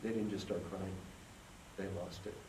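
Speaking at normal speed in a level tone, this man's low voice carries a motivational keynote through a conference hall full of people. He leads them in call and response. Expect an echoey room, a far-off microphone and a faint hiss.

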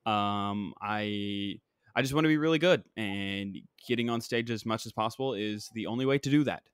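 A man's voice: fairly low pitch, moderate pace, clean tone, no echo, studio quality. A young man who does stand-up comedy, co-hosting a casual podcast in a loose, joking, laid-back way.

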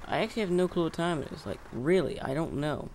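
A man giving casual let's-play commentary, rambling and cursing as he talks to himself, with loud game sounds behind him. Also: on the high side, animated, fast. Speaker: gameplay commentator. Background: bus engine and traffic noise from the game.

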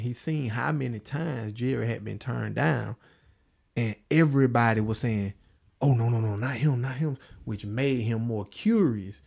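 Podcast co-guest, male, gravelly, casual, sums things up. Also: medium pitch, measured pace, a little mellow. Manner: prompts and sums up the other guest's story.

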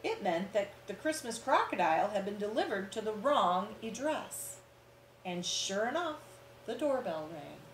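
Female storyteller for kids: lively melody, slow and unhurried, roomy echo, asks the little listeners questions. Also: medium pitch. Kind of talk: reading a picture book aloud to children. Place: church room. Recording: roomy echo, faint background hum.

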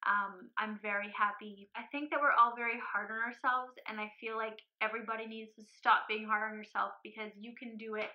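A young woman speaks to her camera in a casual personal vlog, earnest and heartfelt, with plenty of ums. Her voice sits a little high, and the recording is somewhat dull and lo-fi. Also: fairly even intonation, brisk. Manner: earnest and emotional, with frequent ums. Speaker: weight loss vlogger.

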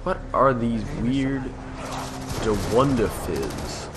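A young man giving casual commentary while playing a video game, full of excited little exclamations. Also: mid-range voice, drawn-out words, background noise. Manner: excitable, with lots of surprised exclamations. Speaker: gamer. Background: game music.

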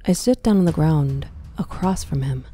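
Field: low-voiced hushed horror narrator woman. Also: animated, moderate pace, soft background music. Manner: hushed, often whispery, tense.

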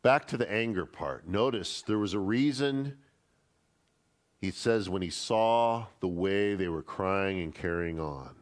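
Emphatic pastor teaching Bible study. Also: male voice, deep voice, measured pace. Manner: conversational and emphatic, acting out quoted speech.

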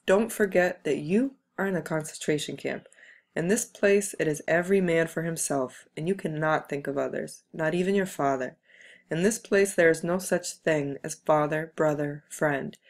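A hardened middle-aged doctor gives cold advice in a flat, blunt lecture, as a woman reads him. Her voice sits low for a woman's and is barely changed from her own. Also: normal speed.

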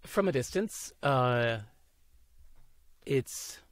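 A man talking as a podcast guest, animated, laughing often and acting out the voices of people he quotes. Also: mid-range voice, extremely slow, no echo. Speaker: interview guest. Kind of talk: casual podcast conversation.

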